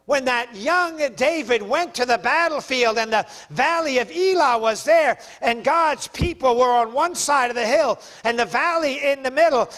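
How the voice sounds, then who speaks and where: Male pastor, very high-pitched, emphatic preaching. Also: a bit bright. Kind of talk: sermon.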